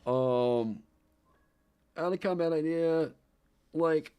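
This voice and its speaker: A man's voice: a little high, extremely slow, dark tone, clear, resonant tone, no room sound. A man chatting casually on a live stream into a desk microphone. He rambles, laughs often and swears freely. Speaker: streamer designing a game class.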